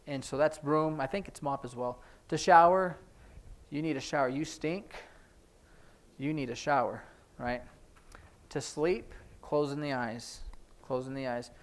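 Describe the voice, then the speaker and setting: A man teaching a sign language class in a church classroom, explaining each sign as he demonstrates it, with hurried asides about the time. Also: fairly high pitch. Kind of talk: classroom instruction.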